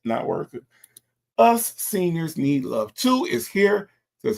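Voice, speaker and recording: A man's voice: mid-range voice, huge pitch swings, a little slow, gravelly, a little mellow, husky. A male host reading out chat comments during a livestream and answering them with sassy, emphatic repetition.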